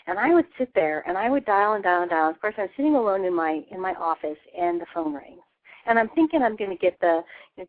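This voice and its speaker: A woman guest in casual chat, telling an excited story and acting out the voices in it. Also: mid-range voice, a little fast. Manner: enthusiastic storyteller, acts out voices. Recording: tinny phone-line audio.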